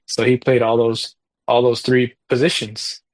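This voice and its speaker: A man talking as a podcast guest in a casual chat, rambling through a story with lots of fillers and getting animated over his frustrations. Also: mid-range voice, measured pace, dry recording. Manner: animated when recalling frustrations.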